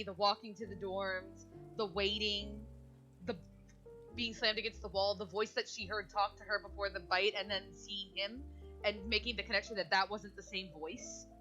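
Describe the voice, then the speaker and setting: Bright, intense woman role-playing a vampire. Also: medium pitch, fairly even intonation, moderate pace, lo-fi sound, faint music behind. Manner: intense, swears often, shouts in character. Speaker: tabletop role-playing player. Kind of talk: in-character tabletop role-play.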